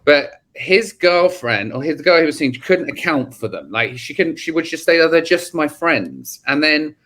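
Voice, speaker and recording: A man with children tells a story as a podcast guest, his voice sitting a touch high and swinging widely in pitch. He talks casually, swears freely and acts out what people said. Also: moderate pace. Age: adult, has children. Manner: animated, swearing, acts out quotes.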